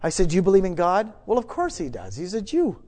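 Male preacher, high voice, storytelling sermon, halting restarts, hushed then loud. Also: wildly swooping pitch.

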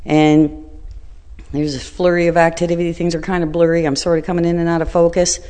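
A middle-aged woman telling a personal story in a blunt, colloquial, animated way. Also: on the low side, fairly quick, in a large hall.

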